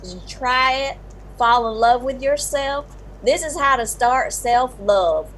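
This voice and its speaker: A woman's voice: a little high, slow pace, fairly bright tone, a little hiss or hum. A woman playing a bawdy giggly co-host. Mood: giddy. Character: crude, giddy woman morning show co-host.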